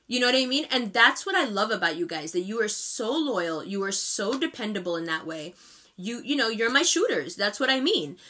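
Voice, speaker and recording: A woman in her thirties gives a monthly tarot reading directly to camera, speaking with emphatic, impassioned directness. Her medium-pitched voice is animated, bright, and pushed, at a moderate pace.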